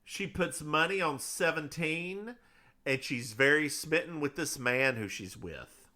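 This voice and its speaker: A man's voice: fairly high pitch, lively intonation, unhurried, bright, forceful tone. A man co-hosting a podcast, playfully recapping a TV episode beat by beat. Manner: playful, recounting plot beat by beat. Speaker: podcast co-host.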